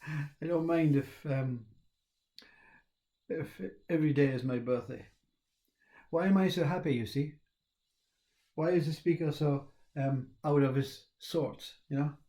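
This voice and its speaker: A man, talking in a rambling, reflective monologue, laughing often and halting with fillers. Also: fairly high pitch, warm tone. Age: 60s.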